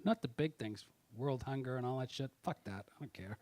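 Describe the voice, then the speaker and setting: A man doing stand-up comedy with crowd work, swearing constantly and swinging from muttered asides to loud angry outbursts. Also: mid-range voice, brisk.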